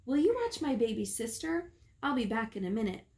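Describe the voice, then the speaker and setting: A woman reading a storybook and voicing a hurried young girl who asks a favor quickly. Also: on the high side, very animated, darkish tone. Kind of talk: storybook read-aloud.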